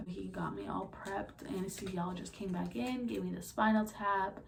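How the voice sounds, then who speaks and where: Young woman with a creaky voice, rambling. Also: mid-range voice, flat delivery, a little fast, hardly any pauses. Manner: rambling, filler-heavy, tearful at times. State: emotional, near tears. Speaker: vlogger. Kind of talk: emotional birth storytime. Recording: distant mic with faint background noise.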